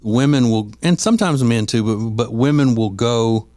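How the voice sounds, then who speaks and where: A man co-hosts a podcast in loose, casual chat, circling back and restarting his sentences. He acts out the voices of the people he quotes. His voice sits at an ordinary pitch, recorded close and dry with no room sound. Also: normal speed, a little mellow, no echo. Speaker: podcast co-host.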